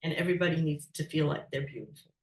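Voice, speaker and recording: A woman speaking as a guest on a spiritual talk show, gentle and measured. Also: sits low. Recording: echoey, distant from the mic.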